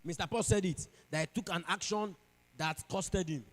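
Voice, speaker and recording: A man with a Nigerian accent delivers a preachy motivational talk, acting out quoted voices as he goes. His voice sits high and he talks with lots of energy. The sound rings with the long reverb of a large hall. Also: moderate pace. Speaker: conference speaker. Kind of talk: motivational speech. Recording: echoey hall.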